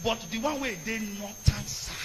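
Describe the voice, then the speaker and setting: Fiery high-voiced Nigerian preacher. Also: male voice, normal speed, slight background noise. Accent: Nigerian, mixing in Pidgin. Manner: fiery, shouting in bursts. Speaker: Catholic priest. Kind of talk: impassioned sermon.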